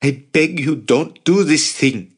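A man voicing a frightened teenage boy who pleads with his uncle in an anxious, halting way. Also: mid-range voice, lively intonation, breathy edge, voice pushed up. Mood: pleading.

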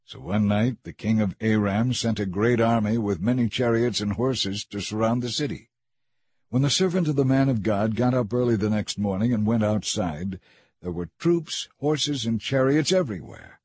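A man reading a scripture story aloud in a measured, even narrating manner. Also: fairly low pitch, slightly rough, no room sound. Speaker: audiobook reader.

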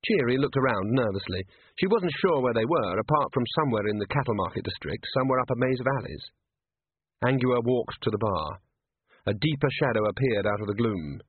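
Husky male audiobook narrator, tinny line. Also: mid-range voice, expressive, dry recording. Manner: measured, dry storytelling. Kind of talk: scripted narration.

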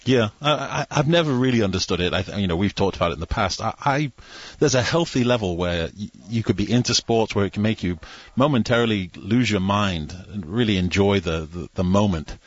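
A man's voice: fairly low pitch, brisk, hardly any pauses, no room sound, muffled recording. A British man on a radio show as a guest broadcaster, who pokes fun at himself. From Britain. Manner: self-deprecating.

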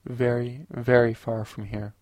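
A man reading a calm, firm stranded soldier. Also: medium pitch, unhurried, no echo, lightly acted. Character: stranded human soldier, steady and guarded. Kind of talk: audiobook reading.

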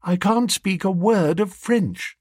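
A man voicing a vague, muddled young gentleman who talks in a flustered, stammering way. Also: sits high, takes it slowly, no echo, clean studio sound, voice pushed up.

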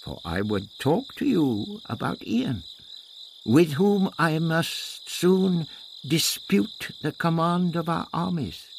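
A man's voice: a little high, expressive, slow pace, gravelly, slight background noise, voice pushed up, exaggerated voice. A man voicing a proud, formal male Aztec warrior who speaks in a stately way.

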